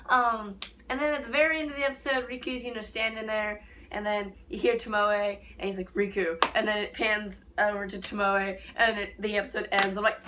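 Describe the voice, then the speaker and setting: A young woman casually reviewing an anime episode, excitable and gushing, with squeals and giggles. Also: mid-range voice, brisk, few pauses, a little hiss or hum.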